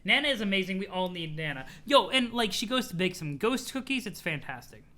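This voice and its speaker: A streamer reading a webcomic aloud live, chatty and excitable, reacting to chat. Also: medium pitch, a little fast.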